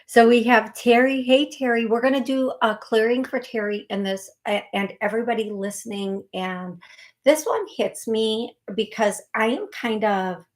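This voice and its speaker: A woman's voice: fairly high pitch, moderate pace. A woman hosting a live call-in psychic medium show, chatting in a rambling way with many fillers and restarts.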